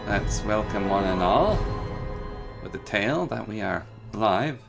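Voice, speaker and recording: A man talks through his gameplay stream in a playful, rambling way. His voice sits low with a gravelly fry. Game music plays clearly behind him. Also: expressive, a little slow. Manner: playful, chatty, rambling asides. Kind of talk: casual gameplay commentary. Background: background music and keyboard typing.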